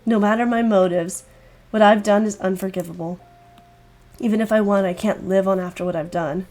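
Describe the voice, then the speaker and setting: A woman voicing a remorseful teenage schoolgirl who has killed someone, speaking low, quiet and resigned. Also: steady tone, a little slow, soft background music, lightly acted.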